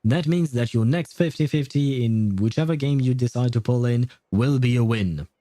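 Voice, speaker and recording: Rambling streamer, dark dry voice. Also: male voice, mid-range voice, normal speed, no echo. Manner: rambling, self-correcting, chuckling. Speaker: game streamer. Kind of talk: casual chat while playing.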